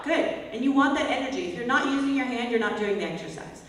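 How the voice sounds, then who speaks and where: A woman vocal coach teaching a singing workshop, breaking into loud whiny and bratty exercise calls to demonstrate. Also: a little high, lively intonation, fast talker, some chatter behind, slight background noise. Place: large echoey hall, workshop. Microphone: distant from the mic. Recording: echoey hall, voice from far off, faint music.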